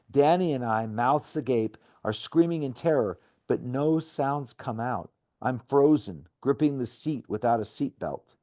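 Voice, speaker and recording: A middle-aged man reading aloud from his memoir in an earnest storytelling manner, then talking about recovery with a co-host. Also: medium pitch. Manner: earnest storytelling, acting out shouted quotes.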